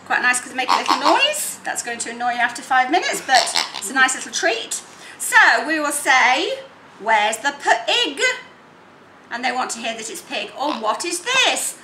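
A woman teaching phonics, sounding out words slowly in separate sounds and playing with toys. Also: sits high. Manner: animated and playful with children's toys. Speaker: literacy teacher. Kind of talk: teaching demonstration. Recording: echoey room, faint noise.

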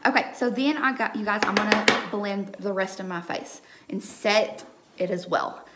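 A woman's voice: medium pitch, moderate pace, very noisy. A young woman chatting through a live makeup tutorial at home, checking in with her viewers after nearly every step. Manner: chatty, keeps checking in with "okay?". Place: home room under a ring light. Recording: echoey room.

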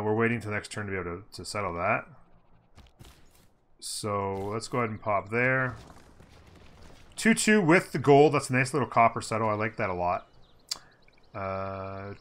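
A gameplay commentator with a lowish, fairly bright voice gives upbeat, casual commentary on a strategy game. He thinks aloud and hums as he plays.

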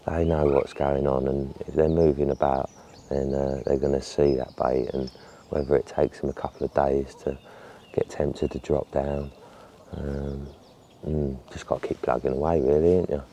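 A man's voice: very deep voice, flat delivery, normal speed, dark tone, slight background noise. A man with a laid-back, murmured way of talking, chatting casually to camera while filming a trip outdoors by a lake. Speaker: vlogger filming a fishing trip.

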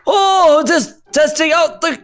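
A woman putting on a squeaky, slow old cartoon man, very high and wobbly. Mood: dithery.

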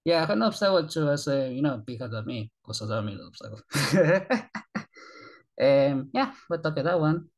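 Excitable man in broken English. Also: on the high side, brisk, hardly any pauses. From Argentina. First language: Spanish. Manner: excitable, rambling broken English, frequent swearing. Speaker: YouTube reaction channel host. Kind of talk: casual reaction commentary.

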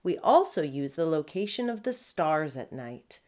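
A woman voicing a prim, patient female poodle first mate in a storybook, speaking crisply. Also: low voice, sing-song, unhurried, darkish tone.

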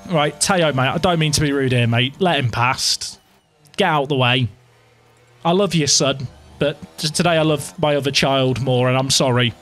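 A young man giving live, excitable commentary to his viewers while playing a game, dramatic and self-mocking. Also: medium pitch, normal speed. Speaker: game streamer.

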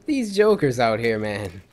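A young man giving loud, excitable commentary while playing a video game, trash-talking enemies with squeals and yells. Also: medium pitch. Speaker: gaming video creator. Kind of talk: let's play commentary.

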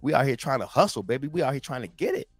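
This motivational host, a man with a husky, medium-pitched voice, races through a casual talk with lively intonation, reading scripture and calling his listeners "guys" in slangy, emphatic bursts. The recording is dry, with faint music behind him.

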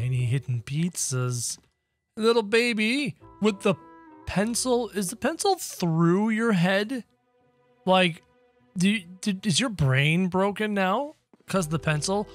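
A high-pitched man narrating his gameplay with wildly swooping, animated intonation. He reacts to everything in an excitable, exaggerated way, with faint game music playing behind him. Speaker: gaming channel host. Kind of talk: playful game commentary.

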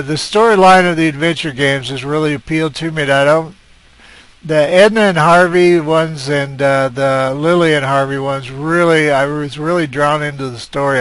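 A man talks his way through a video game in a loose, rambling commentary. His voice sits a bit high for a man, and he stops often to hesitate with "uh". He speaks into a desk mic at his computer. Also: fairly bright tone, no room sound. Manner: rambling, hesitant, frequent "uh" fillers. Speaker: let's play gamer.

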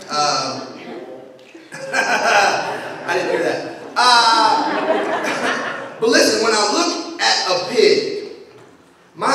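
A male pastor preaching in a joking, conversational way, his voice sitting high for a man. He is heard from well back in a big hall, the long reverb washing around every line. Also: fairly bright tone. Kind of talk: sermon. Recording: echoey hall, mic far off.

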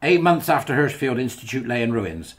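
A man's voice: mid-range voice, expressive, fairly quick, husky. A man reading a thread aloud and adding chatty, wry asides as a commentator. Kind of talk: casual monologue reading and commenting.

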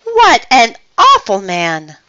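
A woman's voice: fairly high pitch, huge pitch swings, takes it slowly, pushed and bright, no room sound, muffled recording, pitched above the performer's own voice, heavily acted. A woman voicing an elegant, polite mother cat in a storybook read-aloud. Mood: genteel. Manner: polite, genteel.

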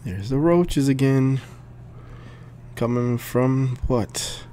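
A man commenting on his horror game play, yelling and screaming at scares and dropping to whispers in tense moments. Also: mid-range voice, drawn-out words, a little hiss or hum. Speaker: gameplay commentator.

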